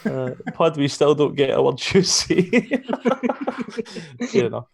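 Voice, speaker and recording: A man's voice: a little high, big pitch swings, slow, creaky. Sweary, chuckling Scottish man. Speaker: live show co-host. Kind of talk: casual live-stream chat.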